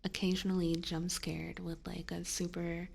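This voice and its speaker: A young woman streaming ASMR on a binaural microphone, chatting in a soft whisper, rambling and giggling often. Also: lowish voice, flat delivery, moderate pace, gravelly. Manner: giggly, rambling with many fillers. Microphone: binaural ear microphone.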